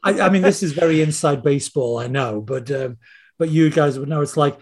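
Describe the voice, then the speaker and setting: A man's voice: a little high, brisk, crowd noise. A man, a screenwriter guest, telling rambling anecdotes with many self-interruptions. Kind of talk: casual interview chat.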